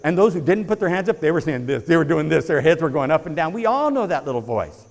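A man preaching a sermon to his congregation, moving from quiet reflection to rising, fervent emphasis. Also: fairly high pitch, big pitch swings, quick pace, gravelly, in a large hall. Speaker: pastor. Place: church sanctuary before a congregation.

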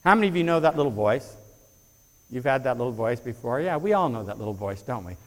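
A man preaching a sermon to his congregation, moving from quiet reflection to rising, fervent emphasis. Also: mid-range voice, animated, fast, in a large hall. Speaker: pastor. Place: church sanctuary before a congregation.

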